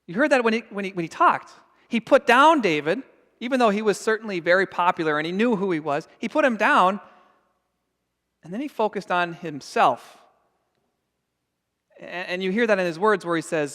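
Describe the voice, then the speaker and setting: A man's voice: sits high, animated, moderate pace, pauses often, fairly bright tone, in a large hall. A man preaching a sermon as pastor, earnest and emphatic. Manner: earnest and emphatic, acting out scenes. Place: church sanctuary.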